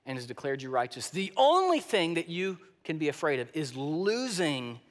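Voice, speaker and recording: A man's voice: a little high, big pitch swings, moderate pace. Emphatic male pastor in a reverberant hall. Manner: emphatic, swings from loud to soft, repeats words. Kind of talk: sermon. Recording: long reverb of a large hall.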